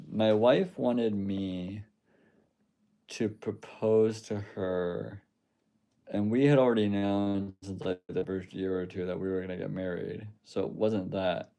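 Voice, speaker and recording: A man's voice: fairly low pitch, warm tone. A young adult man hosting a casual livestream, reading chat aloud and rambling with loose swearing and laughs.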